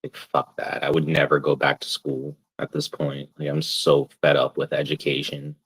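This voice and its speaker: An extremely low, fairly bright, breathy voice with little pitch movement belongs to a man ranting during a live gaming stream at a moderate pace. The recording is rough, and he rambles, swears nonstop and keeps saying "like".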